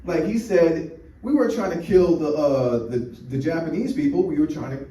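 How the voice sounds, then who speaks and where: Rambling crude comedian, echoey. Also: male voice, on the high side, normal speed, mellow. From United States. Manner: crude, rambling, frequent restarts and fillers. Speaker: stand-up comedian. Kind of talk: rambling stand-up set. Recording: echoey room mic from a distance, faint noise.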